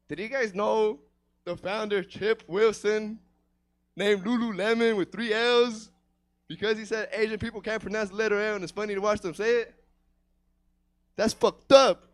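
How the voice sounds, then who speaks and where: A man from Kansas doing a stand-up comedy set, delivering crude, profane jokes in a deadpan way. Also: high-pitched. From Kansas, United States.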